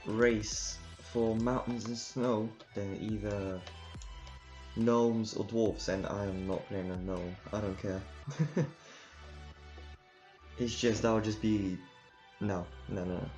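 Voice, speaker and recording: A man's voice: on the low side, steady tone, slow pace, pauses often, darkish tone. A man giving rambling, casual commentary while playing a game, laughing often. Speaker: gamer. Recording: dull lo-fi recording with game music. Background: game music.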